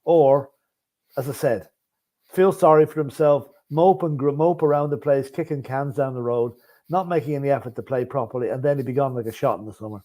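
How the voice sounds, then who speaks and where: A man's voice: mid-range voice, a little fast, dark tone. A man talking football on a casual fan podcast, opinionated and stopping to add "right?" as he makes his points. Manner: opinionated, keeps adding "right?".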